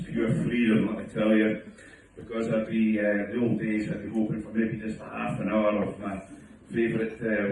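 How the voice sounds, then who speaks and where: A middle-aged man doing a self-mocking stand-up routine, sometimes putting on his wife's voice. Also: background noise. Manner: wry, self-mocking, acts out his wife in a higher voice. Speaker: stand-up comedian. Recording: distant phone recording in an echoey room. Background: audience laughter.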